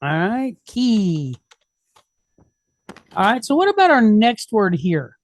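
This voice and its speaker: A woman leads a reading lesson at an unhurried, deliberate pace. She breaks each word into syllables and sounds them out patiently, checking in with the class as she goes. Her voice sits mid-range and sounds dry and close. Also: medium pitch, huge pitch swings, dry recording. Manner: sounds out syllables slowly, step by step. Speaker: Hebrew reading teacher.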